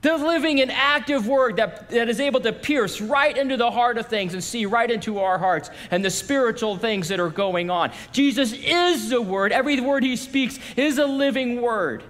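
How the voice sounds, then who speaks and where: A man preaches to his congregation in a loose, conversational way, stepping into quoted voices as he goes. His voice sits high for a man. The sound carries a long reverb from a large hall. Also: animated, moderate pace, hardly any pauses, fairly bright tone. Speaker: pastor. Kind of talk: sermon.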